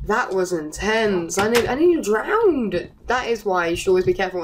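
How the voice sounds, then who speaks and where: A woman YouTuber giving casual, rambling game commentary, chatty and easily excited, with frequent giggles. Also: medium pitch, moderate pace, slight background noise, rough recording. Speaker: gaming YouTuber.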